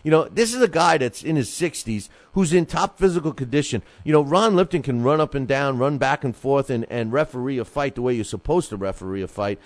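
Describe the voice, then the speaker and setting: A man's voice: mid-range voice, lively intonation, brisk, hardly any pauses, no echo. A middle-aged man hosting a boxing talk show, rambling and getting fired up, with many restarts and fillers. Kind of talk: casual radio-style commentary.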